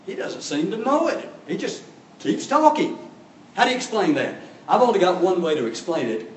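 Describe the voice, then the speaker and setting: Animated preacher with a wide-swinging high voice. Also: male voice, moderate pace. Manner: dramatic, acts out voices of the story. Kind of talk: animated sermon storytelling. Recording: echoey room from a distance.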